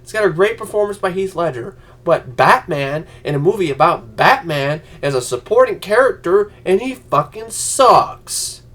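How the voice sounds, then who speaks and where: A man vlogging an angry, profane movie rant, yelling and mocking other people's voices. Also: sits high, expressive, normal speed, few pauses.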